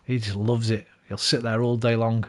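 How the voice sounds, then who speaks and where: At normal speed and in a level, medium-pitched voice, a thirtysomething man from Britain with a British English accent gives casual commentary while streaming a football game, cursing freely and ranting at his team. The dry recording carries a noisy background.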